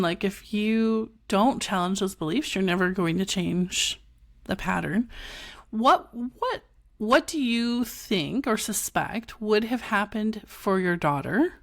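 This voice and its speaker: A woman hosting a podcast conversation who is affirming and conversational and often voices agreement. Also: medium pitch. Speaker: podcast host.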